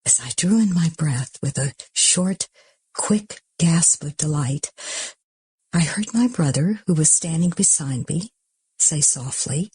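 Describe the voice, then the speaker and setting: A woman reading an audiobook in a soft, slow, often half-whispered way. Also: low-pitched, lively intonation, slightly rough, dry recording. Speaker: audiobook narrator.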